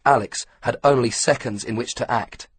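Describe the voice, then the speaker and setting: A man narrating an audiobook in a steady, measured storytelling manner. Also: medium pitch, husky. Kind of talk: scripted narration.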